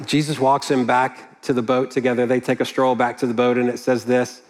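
A man's voice: mid-range voice, level tone, a little fast, hardly any pauses. A man preaching a sermon in an earnest, conversational way, with casual asides. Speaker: pastor.

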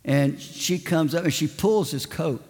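High-voiced preacher telling a slow story. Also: male voice, darkish tone. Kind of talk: sermon. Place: large church. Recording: long church reverb.

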